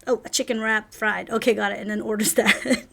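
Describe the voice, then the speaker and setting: A woman narrating a tabletop role-play game as game master, rambling and halting. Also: medium pitch, steady tone, vocal fry, fairly bright tone. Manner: rambling, halting, many fillers.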